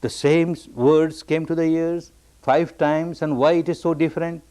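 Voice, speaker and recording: A man's voice: fairly high pitch, flat delivery, moderate pace, darkish tone, clean tone. A man giving a meditation discourse, telling teaching stories, repeating key phrases for emphasis and acting out the people he quotes.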